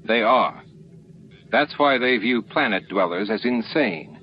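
A man's voice: mid-range voice, lively intonation, measured pace, lightly acted. A man voicing a firm, level-headed starship captain in his own voice, on a lo-fi recording with faint hiss.

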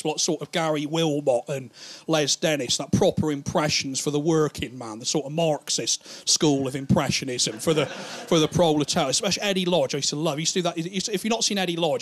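Comic, kinda high voice, rambly and sweary, laughs at his own bits. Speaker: stand-up comedian. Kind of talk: stand-up storytelling.

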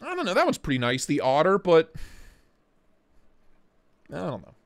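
A man hosting a relaxed livestream chat in a voice a little high for a man. His pitch jumps around in a very lively way. He sounds easily excited and loose, full of slang and the odd curse. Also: normal speed, creaky. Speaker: livestream host.

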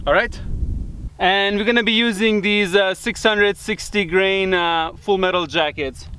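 A man's voice: high-pitched, steady tone, a little slow, sharp tone, slight background noise. A man hosting his own vlog outdoors in the desert, talking loosely to viewers with plenty of fillers. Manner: loose and chatty, with frequent fillers. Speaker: firearms channel host. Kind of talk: casual vlog talk to camera.

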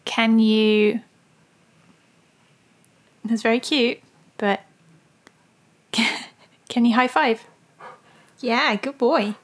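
High-voiced woman slowly coaxing a dog. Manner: playful, laughing often, repeating short commands. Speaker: dog owner and trainer. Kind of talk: coaxing a dog through tricks. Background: dog sounds.

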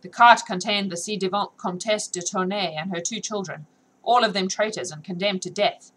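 A woman doing a breathless shouting guard captain. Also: mid-range voice, normal speed, breathy edge, poor audio. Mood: alarmed. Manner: urgent, shouting.

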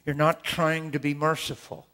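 A man preaching a sermon, modeling prayers aloud and moving between hushed murmured prayer and loud, fervent declaration. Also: on the high side, monotone, normal speed, clean tone.

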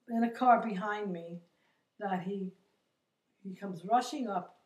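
An older woman vlogging a chatty, exasperated story of her day and quoting the people she met. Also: medium pitch. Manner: chatty, exasperated, quotes others in her retelling. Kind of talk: casual storytelling monologue. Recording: roomy echo, distant from the mic.

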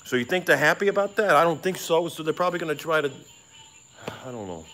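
A sweaty middle-aged man livestreams from his phone by a pond at night. He rambles, gets excited and swears freely. Frogs and insects chirp behind him. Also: a little high, fast, a little hiss or hum. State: sweating in the heat. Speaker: live-streamer. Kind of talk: casual live-stream chat outdoors at night.

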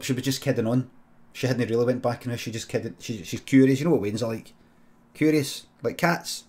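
A man with a Scottish accent improvising a comic story on a stream, deadpan and sweary, breaking into sudden shouts. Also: medium pitch, a little fast.

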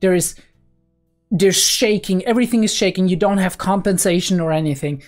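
Young woman, deep register, rambly reaction host who swears often, soft music underneath. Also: brisk. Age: young adult. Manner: excitable, rambling, swears freely. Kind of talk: casual reaction commentary.

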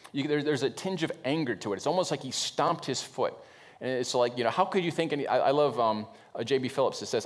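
A middle-aged male pastor preaching a sermon, swinging from loud emphatic bursts to low, quiet asides. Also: quick pace.

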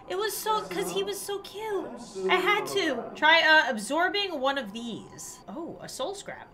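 Young female gaming host, bright and animated, quick playful reactions. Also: sits high. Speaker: gaming YouTuber. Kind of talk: let's play commentary.

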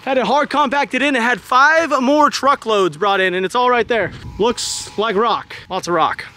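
A young man vlogging casually about storage unit finds, excited and jokey, talking outdoors in the heat. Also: extremely high pitch, normal speed. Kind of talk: casual vlog chat.

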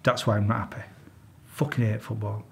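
A man's voice: lowish voice, little pitch movement, fairly quick, creaky. Ranting Yorkshire man, blunt and exasperated. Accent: Yorkshire English. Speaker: retired police officer. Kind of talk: candid interview storytelling.

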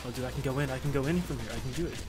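A young man giving excitable, swearing, self-mocking commentary while he plays a game. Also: medium pitch, racing, over music. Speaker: gamer. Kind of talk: casual gameplay commentary.

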